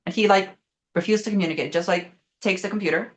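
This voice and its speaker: Young woman, guest in a casual chat, mid-pitched, rambling and full of fillers. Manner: fast, rambling, many fillers, swearing. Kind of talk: casual conversation, storytelling.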